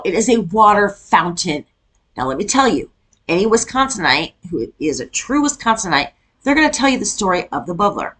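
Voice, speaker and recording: Chatty middle-aged woman from iowa reacting to a clip, lowish voice, rants and laughs. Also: lively intonation, normal speed, fairly bright tone. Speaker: reaction video host. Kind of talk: casual chat reacting to a clip.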